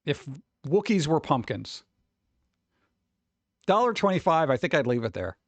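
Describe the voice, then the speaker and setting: A man's voice: a little high, big pitch swings, measured pace, vocal fry, dry recording. A man in his forties rambling casually as a stream host, chatty and wry, tossing in asides and muttered reactions.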